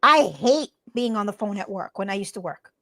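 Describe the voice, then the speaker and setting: A woman co-hosting a podcast, talking in a blunt, emphatic and animated way. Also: medium pitch, moderate pace. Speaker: podcast co-host. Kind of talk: casual chat.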